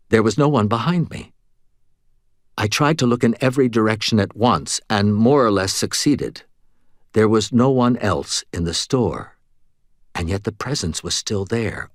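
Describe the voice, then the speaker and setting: A man's voice: fairly low pitch, lively intonation, normal speed, no room sound, clean studio sound. A man narrating a novel in first person with wry, conversational storytelling. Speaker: audiobook narrator.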